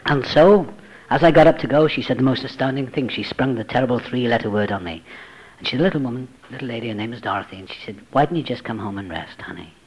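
Man, mid-pitched voice, recovery testimony, dramatic storytelling, hushed asides. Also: fast, low-quality recording. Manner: dramatic, acts out quoted voices, drops to hushed tones. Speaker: speaker sharing a recovery story.

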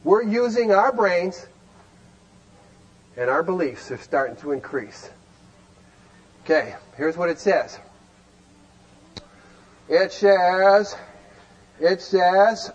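A high-pitched man addresses a recovery meeting with lively, down-to-earth teaching, stressing his points and asking rhetorical questions. The recording is rough.

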